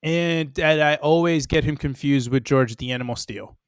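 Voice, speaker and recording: A man from the Boston area co-hosting a wrestling podcast in casual chat, joking and swearing with quick riffs. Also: a little high, clear, resonant tone, no echo, studio quality. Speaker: podcast co-host.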